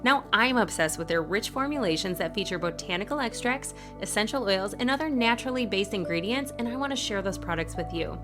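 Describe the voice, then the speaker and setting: A woman's voice: mid-range voice, animated, over music. A woman hosting a podcast interview, friendly and upbeat, chatting and reading her own sponsor spot. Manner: friendly, upbeat, quick affirmations. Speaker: podcast host. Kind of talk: casual interview chat.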